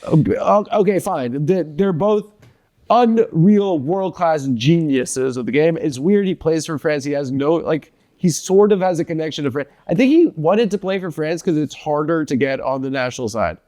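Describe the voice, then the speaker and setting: Brief: American man, sports pod co-host, loose profane banter, slightly high voice. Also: lively intonation, normal speed, warm tone. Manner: rambling, profane, jokey. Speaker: podcast co-host. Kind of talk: casual sports chat.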